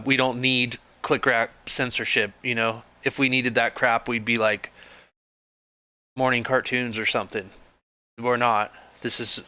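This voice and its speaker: A man ranting in a casual, rambling monologue, sarcastic and indignant, swearing freely and filling pauses with "you know" and "like.". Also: mid-range voice, pushed and bright, clean tone. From United States. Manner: indignant, sarcastic, profane, rambling with frequent fillers. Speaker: political commentary vlogger.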